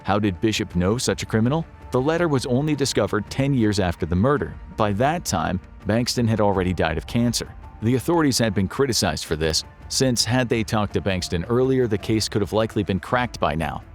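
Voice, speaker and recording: A man reading scripted documentary narration in a measured, even storytelling manner. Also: lowish voice, soft background music.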